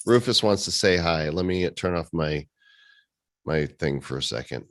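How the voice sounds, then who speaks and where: A man's voice: low-pitched, expressive, moderate pace, dry recording. A man hosting a casual community meeting over a video call, teasing his co-hosts with sarcastic jokes. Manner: joking, teasing, sarcastic banter. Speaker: host.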